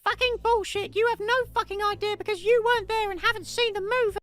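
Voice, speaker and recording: A man putting on a furious woman pop star who fires off angry, swearing tweets in a shrill, indignant voice. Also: unhurried, pushed and bright, heavily acted.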